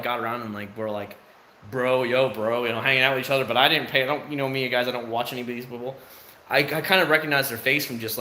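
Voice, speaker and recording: Outside his home, a man hosts a livestream and chats casually with viewers, candid and rambling, answering them with lots of fillers. His voice is medium-pitched with a sharp tone. The sound is roomy, with a little hiss or hum.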